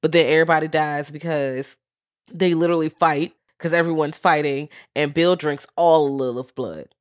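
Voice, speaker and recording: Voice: medium pitch, steady tone, normal speed, no room sound, studio quality. A podcast co-host in casual chat, recapping a TV series in blunt, slangy talk and quoting the characters.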